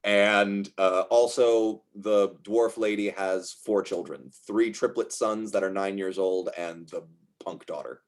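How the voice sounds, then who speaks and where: A man's voice: on the low side, fairly even intonation, a little slow. A man running a tabletop game as game master, talking with many fillers and frequent laughs.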